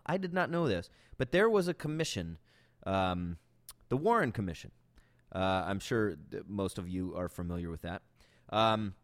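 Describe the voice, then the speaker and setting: A man's voice: on the low side, no echo. A man hosting a podcast from a backyard, chatting casually and rambling with many fillers. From Seattle. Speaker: podcast host. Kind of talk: casual chat.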